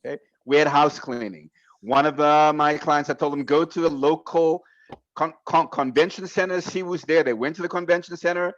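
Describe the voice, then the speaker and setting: A man's voice: fairly high pitch, steady tone, moderate pace, muffled recording. A man giving a motivational sales coaching talk on a team video call, emphatic and direct, laying out numbered points to his reps.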